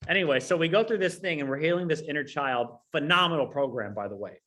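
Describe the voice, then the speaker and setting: A man in his thirties from California, telling a personal story in a casual, profane, rambling way, on a low-quality recording. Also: expressive, fast talker, pushed and bright. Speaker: online business coach.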